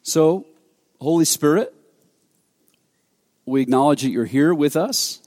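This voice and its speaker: A man's voice: a little high, slow pace, darkish tone, long reverb tail. A man preaching a sermon, telling a story animatedly and acting out quoted dialogue with frequent restarts. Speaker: pastor.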